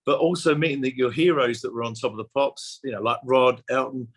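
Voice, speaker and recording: A man's voice: medium pitch, brisk, slightly rough. An older man in his sixties chats as an interview guest, effusive and full of stories. He repeats himself and restarts his phrases, and he laughs easily as he goes. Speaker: musician guest. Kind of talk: casual interview chat.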